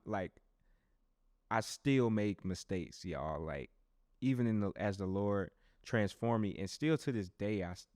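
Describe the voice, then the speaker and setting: Low-voiced young man telling his story. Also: dry recording, studio quality. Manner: animated storyteller who talks straight to listeners; loose and conversational, with frequent restarts. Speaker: podcast host. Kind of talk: personal testimony monologue.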